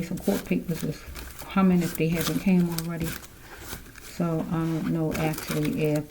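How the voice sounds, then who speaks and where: A woman's voice: low-pitched, noisy background. A woman giving a casual tarot card reading, rambling and musing aloud as she speaks straight to the listener.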